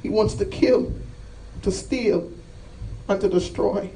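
A man's voice: high voice, takes it slowly, warm tone, slight background noise. A man preaching a sermon and calling people to the altar, impassioned and repetitive, with rising emphatic cries. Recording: voice from a distance off the mic.

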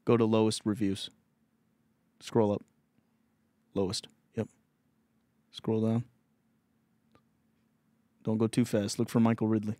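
A man's voice: on the low side, flat delivery, slow, pauses often, mellow, no echo. A man hosting a podcast, telling a story in a casual, profane, laughing way. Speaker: podcast host.

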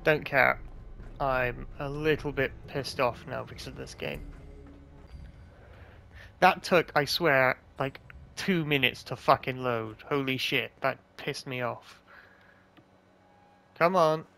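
A man's voice: medium pitch, takes it slowly, vocal fry, long pauses, pushed and bright, a little hiss or hum. A man hosting a gaming channel, swearing a lot and ranting angrily as he plays. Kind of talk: gameplay commentary.

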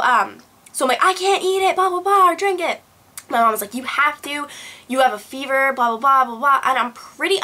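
A young woman vlogger telling a personal story to camera in a casual, animated way, acting out quotes and filling with "blah, blah". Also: a little high. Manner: animated retelling, acts out quotes, fillers like "blah blah". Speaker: beauty vlogger.

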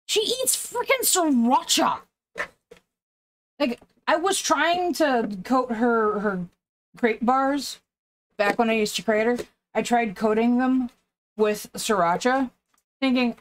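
Chatty woman streamer, slightly high voice. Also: big pitch swings, slow, long pauses. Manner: coos to her dog in baby talk; chatty and rambling with viewers. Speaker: game streamer. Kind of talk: casual live-stream chat.

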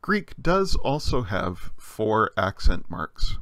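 A man's voice: on the low side, very animated, slow, fairly bright tone, dry recording. A man teaching a recorded language lecture, explaining patiently with frequent filler sounds.

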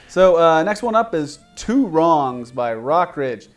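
A man co-hosting a casual film review podcast, telling behind-the-scenes stories in an animated way with frequent laughs. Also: fairly high pitch, over music. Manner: animated, laughing often, quick storytelling. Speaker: podcast co-host and filmmaker.

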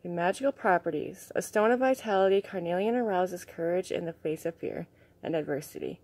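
A young woman talks to her viewers with eager, gushing excitement, a bit out of breath as she shows off her things. Her voice sits a little low for a woman, and now and then she slips into soft, hushed asides. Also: brisk, no room sound. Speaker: vlogger. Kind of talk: casual unboxing chat.

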